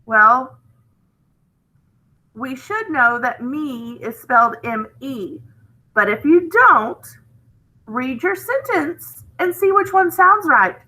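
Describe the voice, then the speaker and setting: A woman's voice: high voice, lively intonation, slow pace, pauses often, bright, forceful tone. A woman teaching a phonics lesson, explaining step by step and checking in with "okay?".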